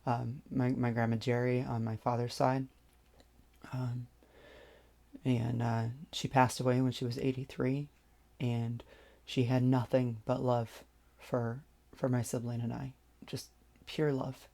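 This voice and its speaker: Pausing often and restarting, a vlogger haltingly shares a personal story. The voice is medium-pitched, gravelly, and mellow, with little pitch movement.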